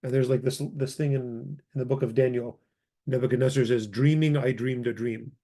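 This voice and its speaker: A man teaches a grammar lesson in a casual, talky way, reading from a book and stopping to correct himself. His voice is mellow and dark, at an ordinary middle pitch. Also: steady tone, moderate pace. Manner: casual, thinks aloud, corrects himself, mutters asides. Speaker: language teacher.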